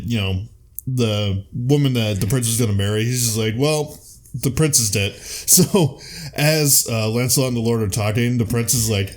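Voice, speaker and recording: A man co-hosting a podcast, talking through a favorite comedy film in casual chat. He narrates at an ordinary pitch and keeps lurching into squeaky put-on voices for the characters. He is from the US Midwest. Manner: animated retelling, jumps into high silly quoted voices. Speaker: podcast co-host.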